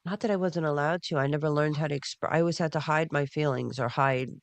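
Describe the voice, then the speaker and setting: A woman on a talk show panel, speaking about her feelings in halting, emotional bursts. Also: low voice, steady tone. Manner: halting, emotional, restarts often. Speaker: guest panelist. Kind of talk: casual talk show discussion.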